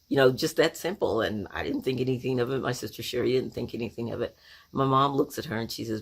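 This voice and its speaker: Gravelly-voiced older woman telling family stories. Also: extremely low pitch, animated, moderate pace. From Oklahoma. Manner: conversational, reflective, with frequent asides. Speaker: storyteller. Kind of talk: personal storytelling to camera.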